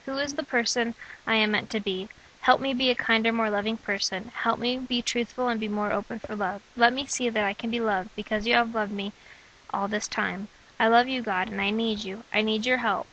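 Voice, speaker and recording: A young woman reading her own letters, prayers and poems aloud in an earnest, measured way. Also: fairly high pitch, sharp tone, lo-fi sound, a little hiss or hum. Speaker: person sharing her own testimony.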